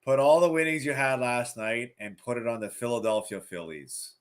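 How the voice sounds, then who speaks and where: A man's voice: medium pitch, moderate pace. A man who is a former pro hockey player, chatting as an analyst on a betting podcast, teasing and telling stories with animation. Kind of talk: casual sports betting banter.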